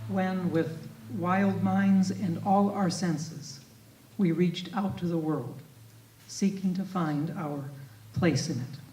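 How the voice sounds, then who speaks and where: A man presents a prepared paper, speaking very slowly and deliberately and stressing single words. He recites verse between his own remarks. His voice sounds distant and echoey, as if captured from across a meeting hall. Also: sits high, warm tone. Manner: measured, deliberate delivery, stressing key words. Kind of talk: read-aloud academic lecture with poetry recitation. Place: festival talk in a club meeting hall. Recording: echoey room from a distant mic.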